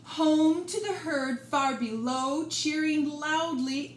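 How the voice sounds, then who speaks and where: A woman librarian reading a picture book aloud for storytime, expressive and gentle, talking directly to young listeners. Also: high-pitched, takes it slowly, few pauses, slight background noise. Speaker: children's librarian. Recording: roomy room echo.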